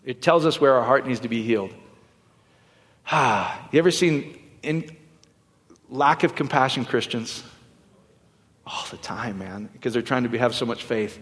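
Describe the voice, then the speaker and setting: A male pastor preaching a sermon in a loose, joking style, full of quick asides and questions to the congregation. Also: medium pitch, a bit bright. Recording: long reverb of a church hall.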